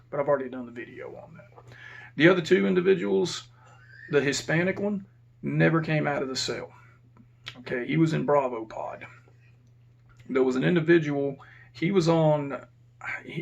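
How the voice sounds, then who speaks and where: A man's voice: medium pitch, gravelly, highs cut off. A man who used to be a prison officer tells a rambling, plain-spoken story in a casual way and keeps correcting himself. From Texas.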